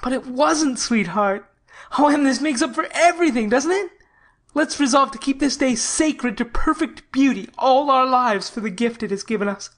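A woman's voice: sits high, moderate pace, a bit bright, voice pushed up. A woman voicing an earnest young man in love, a student doctor, speaking tenderly in an audiobook. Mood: loving. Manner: tender, heartfelt confiding. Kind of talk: audiobook character reading.

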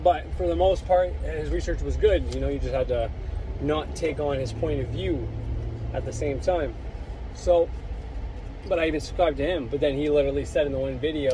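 A man's voice: a little high, moderate pace. A man vlogging about witchcraft in a loose, profane, rambling way with lots of fillers. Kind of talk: casual rant to camera. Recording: noisy outdoor ambience with traffic.

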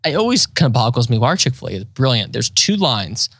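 A man's voice: mid-range voice, brisk, vocal fry, husky, dry recording, clean studio sound. A man in casual chat, telling a funny story and acting out the voices of the people in it. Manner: animated, acts out voices of others in his stories.

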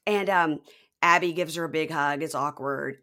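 Bright-voiced woman recapping a show. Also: deep voice, normal speed. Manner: animated, acts out quoted people. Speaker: podcast co-host. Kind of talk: casual chat recapping a reality show.

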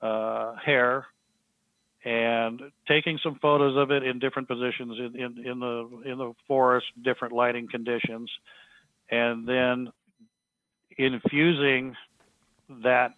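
A man's voice: medium pitch, flat delivery, no echo. Guy on a podcast telling his story, lots of uh and restarts, sounds tinny like a phone call. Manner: halting, with frequent restarts and fillers. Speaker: podcast guest. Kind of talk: storytelling in casual conversation.

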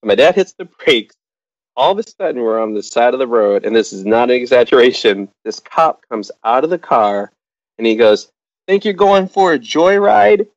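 A man's voice: mid-range voice, normal speed, no echo. A middle-aged man telling a personal anecdote to an audience, acting out the voices of the people in it. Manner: lively, acts out other people's lines. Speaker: storyteller. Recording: dull lo-fi recording.

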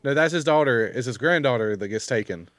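A man's voice: medium pitch, expressive, a little fast, a bit bright, slight background noise. A man co-hosting a casual chat, joking and laughing through the banter.

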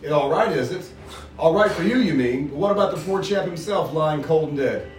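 Man voicing a self-righteous grumbling ghost, a bit high, recorded from across an echoey room. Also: expressive, fairly quick, soft background music, lightly acted. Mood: indignant. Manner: indignant, emphatic reading aloud. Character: blustering resentful male ghost, self-righteous. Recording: roomy, distant mic.

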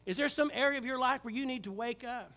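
A male pastor preaches from the pulpit in a high, bright voice. He builds to loud, emphatic calls to his congregation, then sinks low and hushed for prayer. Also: quick pace. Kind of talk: sermon. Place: church sanctuary.

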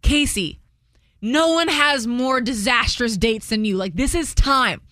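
A woman hosting a radio show, telling a story with lively energy and acting out the people in it. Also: on the high side, a little slow, no echo.

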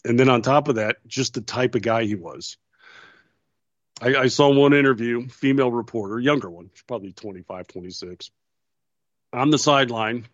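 A man co-hosting a casual talk show, telling lively anecdotes and acting out quotes. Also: medium pitch, moderate pace, no echo, lo-fi sound. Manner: animated storyteller, acts out quotes. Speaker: podcast co-host. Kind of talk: casual chat.

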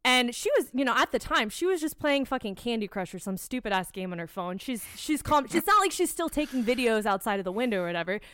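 A young woman tells a story in loose, casual chat, cursing freely as she goes. Her voice sits a touch high and comes across smooth and clear. The sound is dry and close, with no room around it. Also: fast talker, hardly any pauses, no echo. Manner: swears a lot, animated storytelling.

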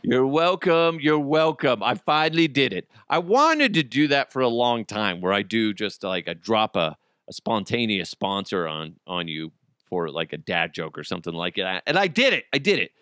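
A man's voice: lowish voice, big pitch swings, moderate pace, fairly bright tone, clean tone, no room sound, clean studio sound. A man hosting a casual comedy podcast, mocking news stories with crude jokes and frequent laughter. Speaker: podcast host.

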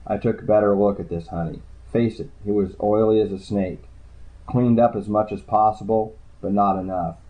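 A man narrating a hardboiled crime story in the first person, with a dry, low-key delivery. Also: steady tone, normal speed. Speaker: audiobook narrator. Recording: tinny phone-like sound.

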